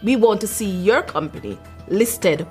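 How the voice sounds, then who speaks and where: A woman's voice: medium pitch, expressive, a little slow, a little mellow, faint music behind. A woman announcing an advertisement call to action in an upbeat delivery.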